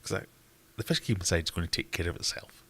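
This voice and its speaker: A man's voice: sits low, fast talker, sharp tone, husky. A man hosting a casual livestream, answering chat in a rambling, wry, self-mocking way. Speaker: livestream host reading chat.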